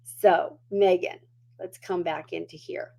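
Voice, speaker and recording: A woman's voice: on the low side, fairly even intonation, takes it slowly, vocal fry, warm tone, lo-fi sound. A middle-aged woman hosting a casual makeup tutorial at home, chatty and down-to-earth as she demonstrates.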